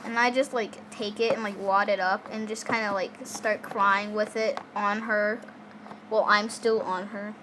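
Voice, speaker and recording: A woman's voice: mid-range voice, flat delivery, unhurried, noisy background. A girl casually telling a personal story in a rambling way, with many fillers and restarts.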